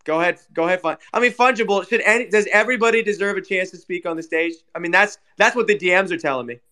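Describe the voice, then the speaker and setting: A man's voice: high-pitched, fast, pushed and bright. A man co-hosting an online audio chat, swearing and complaining sarcastically. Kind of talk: heated casual chat.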